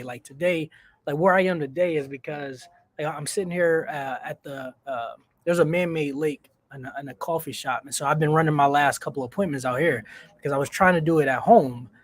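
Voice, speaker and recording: A man joining a panel chat from a coffee shop over a video call, relaxed and rambling as he tells stories. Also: on the high side, no echo. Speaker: panel guest. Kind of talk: casual panel talk.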